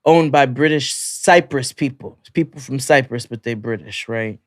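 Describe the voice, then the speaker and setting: A man's voice: medium pitch, normal speed, dry recording, studio quality. A man co-hosting a podcast, telling stories in casual chat and laughing often through them. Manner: storytelling, laughing often through his own anecdotes. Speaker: podcast co-host.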